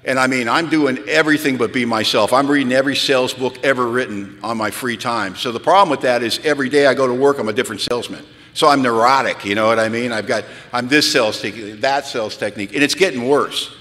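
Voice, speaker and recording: Man, self-deprecating storyteller at a retreat talk, bright voice, hall reverb. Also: fast, hardly any pauses. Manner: animated, self-mocking, builds to high-pitched punchlines. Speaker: speaker sharing recovery story. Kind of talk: storytelling talk to a live audience.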